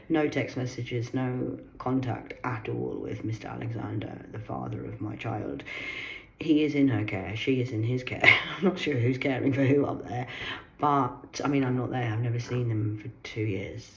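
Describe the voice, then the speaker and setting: An older woman delivering a rambling personal monologue in her garden, agitated, swearing and swinging between low muttering and sharp outbursts. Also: a little hiss or hum, low-quality recording. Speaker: vlogger. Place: sitting in her garden outdoors.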